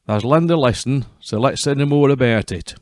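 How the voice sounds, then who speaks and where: A man with a Yorkshire accent voicing a stern, no-nonsense old grandmother who scolds briskly. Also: medium pitch, lively intonation, darkish tone, no echo, pitched above the performer's own voice, close to an everyday voice. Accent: West Riding Yorkshire.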